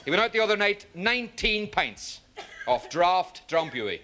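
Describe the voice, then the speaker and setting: A man doing stand-up comedy, telling jokes as animated stories and acting out the characters, with an audience laughing behind him. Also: high voice, unhurried, background noise. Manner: animated storyteller, acts out characters.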